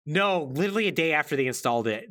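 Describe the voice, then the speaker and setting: A man's voice: fairly high pitch, animated, racing, fairly bright tone. A man hosting a podcast, telling gaming history in a chatty way full of "like" and wry asides. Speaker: podcast host. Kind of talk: casual gaming-history chat.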